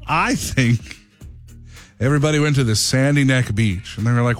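A male overnight radio host recounts a story in a wry, deadpan way. His pitch rises and falls freely. A faint music bed plays beneath him. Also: fairly quick. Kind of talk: casual radio monologue.

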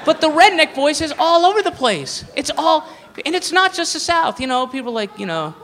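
A man's voice: extremely high pitch, very animated, moderate pace, fairly bright tone, slight background noise. A man doing a stand-up comedy routine, rambling and profane, with laughing asides. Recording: live room with long reverb.

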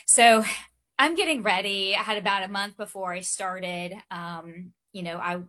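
Bright-voiced woman telling her story. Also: mid-range voice. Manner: earnest, halting, with light laughs. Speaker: interview guest. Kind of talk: candid personal storytelling.

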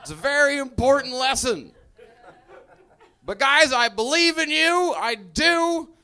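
A man's voice: very high-pitched, expressive, measured pace, pushed and bright. A man doing stand-up, speaking wryly and directly to the audience. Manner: wry, addressing the audience directly. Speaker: stand-up comedian. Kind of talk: stand-up comedy routine.

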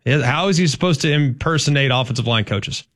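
A man's voice: mid-range voice, expressive, a little fast, fairly bright tone, no room sound, clean studio sound. A man from Texas, a co-host on a sports talk show, making his points with emphasis and often repeating them. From Dallas-Fort Worth, Texas. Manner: emphatic, repeats points, laughs between lines. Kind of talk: sports talk radio chat.

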